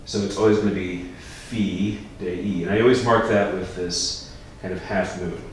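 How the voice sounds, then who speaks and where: A priest teaching how to chant a gospel, explaining casually and breaking into sung chant. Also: male voice, fairly even intonation, normal speed, distant mic. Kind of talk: informal chant lesson. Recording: very echoey room, faint rumble.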